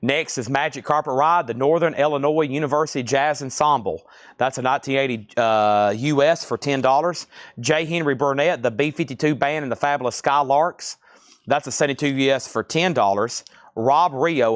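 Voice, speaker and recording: A man with a Southern drawl runs a live vinyl sale, calling prices and buyers' names in quick, joking patter. His voice sits in an ordinary middle register and sounds close and dry, with no room echo. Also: mid-range voice. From Tennessee, US. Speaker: live-stream record seller. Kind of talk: live sales auction chat.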